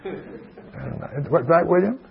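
Gravelly old-school pastor guy rambling thru a story at a meeting, kinda muffled lo-fi recording. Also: fairly high pitch, expressive, slow pace. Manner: rambling, digressive, full of asides. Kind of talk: folksy storytelling talk to an audience.

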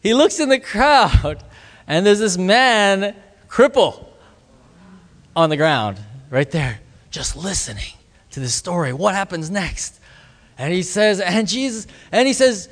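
Excitable man telling a mission story. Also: high-pitched, normal speed. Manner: excitable, laughing, acts out quotes. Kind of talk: animated storytelling talk. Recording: reverberant hall.

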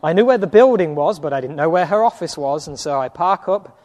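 A man with a high, light voice tells a personal story from the pulpit, acting out the other voices as he goes. His words ring out in a large hall with a long reverb tail. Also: brisk. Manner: animated anecdote with acted quotes and laughter. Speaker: preacher. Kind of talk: storytelling sermon.

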